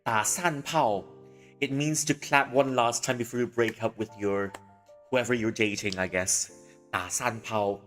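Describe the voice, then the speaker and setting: A man's voice: medium pitch, a little slow, a bit bright, in a large hall, faint music behind. A man livestreaming as he reads and translates a novel, chatting casually, laughing often and trailing off mid-sentence.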